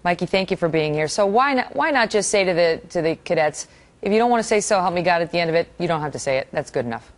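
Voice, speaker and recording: A woman's voice: on the low side, expressive, quick pace. Pressing female news anchor. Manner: pressing, interrupting questioner. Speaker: news host. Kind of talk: cable news interview.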